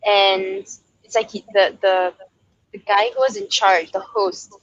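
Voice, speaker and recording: A woman's voice: medium pitch, unhurried, no room sound, highs cut off. A young woman from Malaysia, a singer-songwriter, telling a story in a casual interview and acting out quoted voices. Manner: lively, acts out quoted voices, laughs often.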